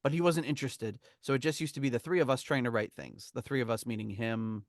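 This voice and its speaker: A man's voice: medium pitch, fast, no echo, studio quality. A man hosting a podcast, reading from a memoir and telling the story in a rambling, chuckling way. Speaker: podcast host. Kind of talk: casual chat, reading from a memoir.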